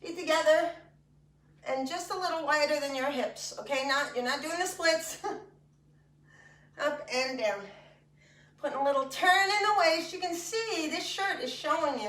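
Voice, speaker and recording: Heard from a distant mic in an echoey room, a woman coaches an exercise class through each step, joking between the cues. She has a high voice with a fairly bright tone.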